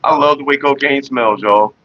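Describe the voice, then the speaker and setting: A middle-aged man hosting a casual livestream, talking in a rambling, profane way with animated retellings. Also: medium pitch, highs cut off, slight background noise. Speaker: livestream host.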